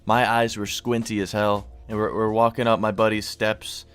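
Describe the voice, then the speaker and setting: A man's voice: on the low side, flat delivery, moderate pace, clear, resonant tone. Young male vlogger, storytime commentary, profane, laid-back stoner slang.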